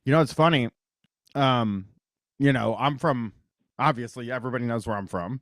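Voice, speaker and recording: A man's voice: medium pitch, normal speed, no room sound, studio quality. A man with a Midwestern American accent hosting a call-in radio show, chatting casually and rambling, swearing and laughing as he talks. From Columbus, Ohio, US Midwest.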